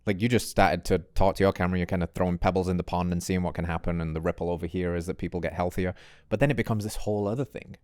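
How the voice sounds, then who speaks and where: Host casting: man, enthusiastic interviewer who asks long questions, low voice, dry sound. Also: steady tone, racing, darkish tone, dry recording. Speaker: podcast host. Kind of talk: casual interview.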